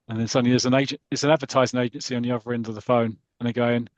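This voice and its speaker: A man hosting a chatty podcast, full of enthusiasm and quick to laugh. His voice sits in a middle register, recorded close and dry with no room sound. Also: medium pitch, little pitch movement, a little mellow, dry recording, muffled recording. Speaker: podcast host. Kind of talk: casual chat, reading comic aloud.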